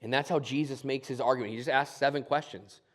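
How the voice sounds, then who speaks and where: A man preaching a sermon in church, earnest, swinging from loud emphasis to hushed, near-whispered lines. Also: medium pitch, steady tone, fast. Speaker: pastor.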